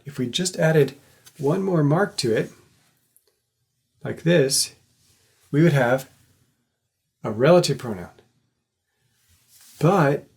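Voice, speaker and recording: A man's voice: medium pitch, breathy edge. A man giving a recorded class lecture, explaining step by step in a patient way and checking in with his listeners. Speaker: teacher.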